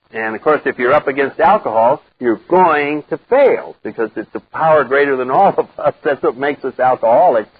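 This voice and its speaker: Husky older man on lo-fi meeting tape. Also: medium pitch. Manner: animated storyteller who acts out quoted voices, wry and blunt. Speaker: recovery meeting speaker. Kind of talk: personal recovery talk to a live group. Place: meeting room with a live group. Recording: dull lo-fi 1990s cassette recording.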